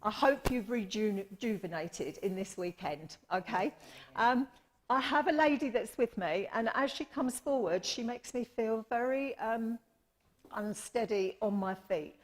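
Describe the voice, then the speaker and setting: A woman's voice: a little high, unhurried. A woman medium giving readings at a church service, chatty and affectionate, often calling people her lovely and apologising. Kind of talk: live mediumship demonstration.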